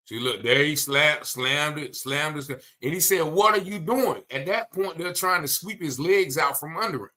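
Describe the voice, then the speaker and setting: A man's voice: on the high side, moderate pace, few pauses, sharp tone. A man commenting on a video, emphatic and blunt, repeating his points with indignation.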